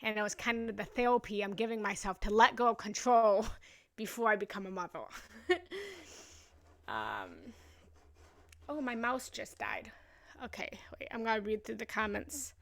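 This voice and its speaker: A woman's voice: medium pitch, lively intonation, moderate pace, creaky, long pauses, fairly bright tone. A young woman hosting a live meditation session, talking in a casual, emotional and gushing way and laughing often. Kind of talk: casual live-stream chat.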